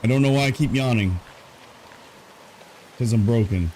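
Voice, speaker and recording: A drowsy man talks through his game on a live stream, relaxed and thinking aloud between yawns. His voice sits at an everyday middle pitch. A faint hum runs underneath. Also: normal speed. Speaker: gaming streamer. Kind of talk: casual live gameplay commentary. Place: warm room at home.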